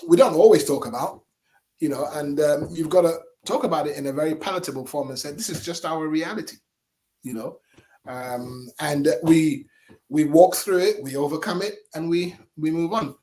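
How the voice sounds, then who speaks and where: A middle-aged man, a singer and entertainer, telling stories as a radio guest in a lively, animated way with chuckles. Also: a little high, moderate pace. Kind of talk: casual interview storytelling. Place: radio studio.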